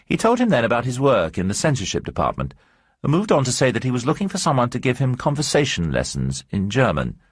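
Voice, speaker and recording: A man narrating a short story in a measured storytelling manner. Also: medium pitch, huge pitch swings, slightly rough, dry recording, clean studio sound.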